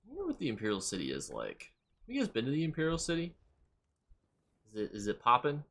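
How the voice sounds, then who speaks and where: A man streaming a game live, chatting with viewers and reacting loudly and with swearing to the action. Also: medium pitch, huge pitch swings, fast talker, gravelly. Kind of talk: live gameplay commentary.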